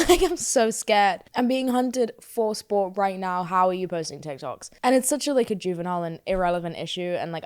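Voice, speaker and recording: A young woman in her twenties hosting a casual solo podcast, talking in an expressive, sweary, self-mocking way while fighting off a slight cold. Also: mid-range voice, clean tone. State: slightly ill, throat irritation. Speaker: podcast host.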